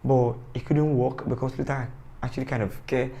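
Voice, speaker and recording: A man's voice: mid-range voice, level tone, brisk, gravelly, dark tone. A man giving a casual, rambling, joking review of a TV series, often correcting himself. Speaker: TV show reviewer.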